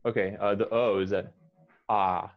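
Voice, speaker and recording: A man with an American accent teaching English pronunciation one-on-one, modelling words slowly and repeating them patiently. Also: fairly low pitch, fairly even intonation, dull audio.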